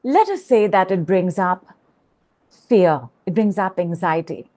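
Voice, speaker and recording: A woman coaching a group call, guiding a slow exercise and repeating affirmations. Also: lowish voice, lively intonation, mellow. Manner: slow, repetitive, instructive.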